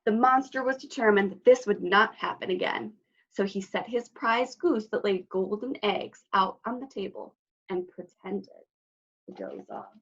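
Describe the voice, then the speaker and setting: A woman librarian reading a picture book aloud at children's story time, expressive, with asides to the children. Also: medium pitch, measured pace, highs cut off.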